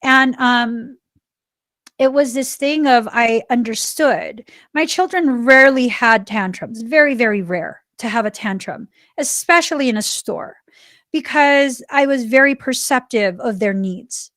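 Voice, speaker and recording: A woman in her forties hosts a spiritual self-help podcast in a fairly high voice. She talks earnestly and leans on key words, then eases into a softer, reflective tone. The sound is close and dry. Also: a little slow, no echo. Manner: earnest and emphatic, stressing key words, sometimes dropping to a soft reflective tone. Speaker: podcast host.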